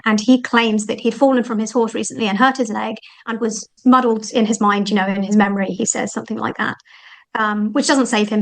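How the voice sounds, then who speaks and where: A woman talking as the guest author in an interview, animated and thinking aloud with frequent fillers. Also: fairly high pitch, poor audio. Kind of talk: conversational interview.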